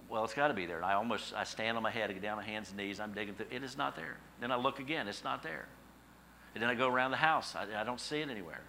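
Bright-voiced male pastor preaching. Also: lowish voice, quick pace, vocal fry, a little hiss or hum, low-quality recording. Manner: animated storytelling, emphatic repetition. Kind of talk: sermon.

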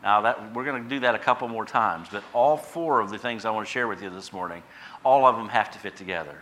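A man preaching a sermon as pastor, swinging from quiet asides to loud emphatic bursts. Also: lowish voice, quick pace, a little hiss or hum.

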